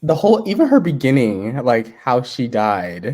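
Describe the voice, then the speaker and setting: A woman with a low voice that swings widely in pitch, chatting about romance novels. She laughs often and quotes characters with plenty of energy. Her delivery is lively and informal. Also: moderate pace. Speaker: guest book reviewer. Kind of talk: casual book chat.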